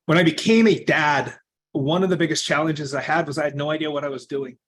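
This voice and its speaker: A young adult man giving a coaching talk, telling his own story in an earnest way that moves from loud emphasis to quiet asides. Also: a little high, fairly quick, a little hiss or hum.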